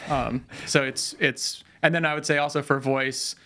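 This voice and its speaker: A man's voice: mid-range voice, fairly even intonation, moderate pace, sharp tone. A man speaking as a product leader guest in a podcast interview, explaining ideas thoughtfully with examples and some fillers. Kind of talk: conversational tech interview.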